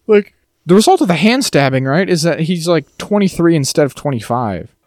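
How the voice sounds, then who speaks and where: Lively rambling male podcast co-host. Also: fairly high pitch, fairly quick, no echo. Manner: animated, rambling, repeats words. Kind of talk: casual chat.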